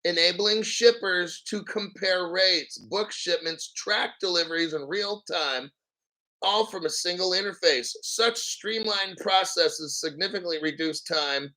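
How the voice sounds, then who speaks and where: A man hosting a crypto livestream, reading an article aloud with profane, sarcastic rambling asides and frequent throat-clearing. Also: sits high, unhurried, sharp tone, poor audio. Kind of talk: profane ranting commentary while reading an article.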